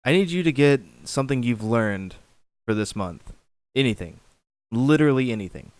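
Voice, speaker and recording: A man's voice: mid-range voice, expressive, moderate pace, no room sound. A man co-hosting a podcast, teasing his friend bluntly with lots of swearing in casual chat. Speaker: podcast co-host.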